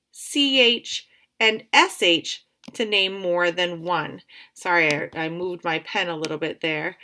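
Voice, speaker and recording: A woman teacher giving a recorded grammar lesson to children, speaking slowly and patiently and sounding words out. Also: on the low side, sharp tone.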